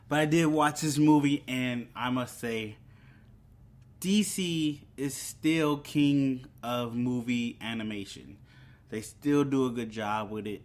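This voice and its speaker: A man hosting his own channel, giving a casual, rambling movie review with many ums and restarts. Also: medium pitch.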